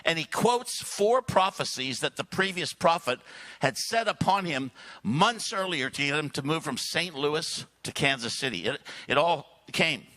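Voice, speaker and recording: A man speaking at a church service, telling a long story with lively asides and frequent throat clearing. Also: on the high side, measured pace. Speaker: guest speaker. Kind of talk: sermon storytelling.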